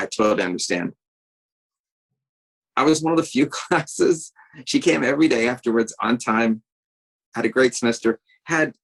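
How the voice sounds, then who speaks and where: Gravelly, husky man telling a story. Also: medium pitch, fairly bright tone, low-quality recording. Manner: hesitant, many ums and restarts. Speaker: art teacher and practitioner in a discussion group. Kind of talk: reflective personal storytelling. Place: video call.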